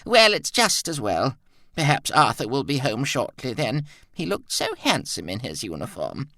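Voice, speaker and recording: A man reading an audiobook, voicing a frail, confused elderly mother in a high, trembling, drawn-out voice. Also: wildly swooping pitch, sharp tone, dry recording, studio quality, full character voice. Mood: wistful. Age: older. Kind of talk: audiobook character voice.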